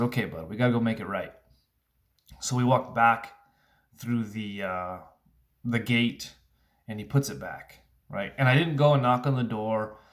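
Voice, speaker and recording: A man in his thirties, a single father, talking earnestly in a casual vlog, halting and restarting often with fillers. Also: mid-range voice. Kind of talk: casual reflective vlog monologue.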